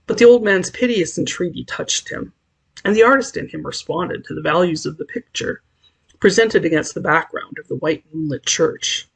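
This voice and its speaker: An audiobook narrator reading a story aloud in a measured, expressive way. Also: medium pitch, vocal fry, husky.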